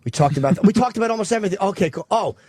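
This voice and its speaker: Quick-talking male radio host. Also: high voice, animated, a little mellow, a little hiss or hum. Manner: joking, probing, quick-talking. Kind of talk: radio interview.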